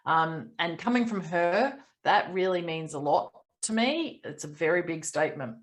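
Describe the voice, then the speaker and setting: A woman hosting a group mentoring video call, chatting casually with lots of pauses and ums. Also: fairly low pitch, animated.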